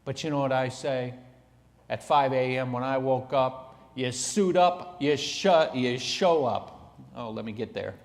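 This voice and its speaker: Male motivational speaker, animated storytelling, unhurried pacing, conference-hall reverb. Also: mid-range voice. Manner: emphatic and animated, swings between loud and hushed. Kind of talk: storytelling keynote speech.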